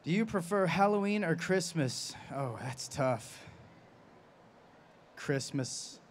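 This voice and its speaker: A man's voice: fairly high pitch, lively intonation, slow, a little hiss or hum. A man who works as a voice actor, answering audience questions on a convention panel, chatty and laughing often as he tells stories. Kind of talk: live panel Q&A storytelling. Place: convention stage.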